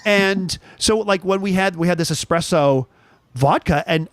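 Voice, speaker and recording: A man's voice: sits high, normal speed, dry recording. A man hosting a chat show, telling a story casually with lots of restarts. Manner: animated storyteller, restarts often.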